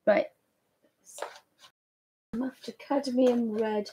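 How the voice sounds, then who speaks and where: A woman's voice: fairly high pitch, a little slow, long pauses, slight background noise. A woman hosting a live painting tutorial stream, chatty and easily amused, with apologetic asides to her viewers. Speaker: art demonstrator.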